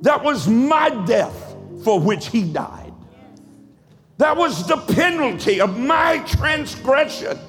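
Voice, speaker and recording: A male pastor preaching a sermon in a rhythmic, cadenced style that swells into shouts. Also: very high-pitched, sing-song, slow, in a large hall, faint music behind. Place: church sanctuary.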